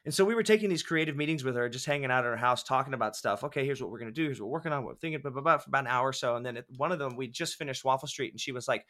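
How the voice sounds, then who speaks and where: A man on a podcast telling animated, profanity-laced stories about making films, acting out what people said. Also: mid-range voice, rapid-fire, hardly any pauses. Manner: animated, swears often, acts out quotes. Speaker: filmmaker guest. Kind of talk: casual podcast storytelling.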